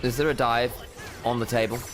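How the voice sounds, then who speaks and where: A man casting a pro game with quick play-by-play calls and silly, rambling asides. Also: mid-range voice, fairly even intonation. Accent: English. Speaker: esports caster. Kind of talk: play-by-play esports commentary. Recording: music bed under the voice.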